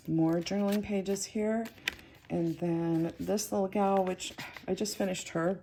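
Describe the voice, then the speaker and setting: Chatty woman with a gravelly low voice. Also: warm tone, a little hiss or hum. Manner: chatty, rambling, with frequent ums and self-corrections. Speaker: craft video host. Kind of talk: casual craft flip-through narration.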